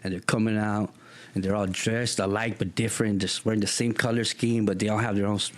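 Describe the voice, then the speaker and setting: A man's voice: lowish voice, a little fast. A middle-aged man from Texas, telling stories in an interview and acting out the people in them. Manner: animated, acts out quoted people in raised voices. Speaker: guest. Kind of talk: storytelling interview.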